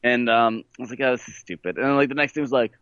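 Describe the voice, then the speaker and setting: A man's voice: mid-range voice, steady tone, fast, fairly bright tone, no room sound, dull audio. A man co-hosting a podcast, telling a story in casual chat, rambling with lots of fillers and laughing. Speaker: podcast co-host.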